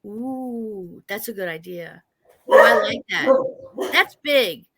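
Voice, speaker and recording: A woman's voice: a little high, expressive, takes it slowly, a crowd in the background. A woman from New York with a New York accent, hosting an interview in a chatty, joking, rambling way. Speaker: interview host. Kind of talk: casual chat interview.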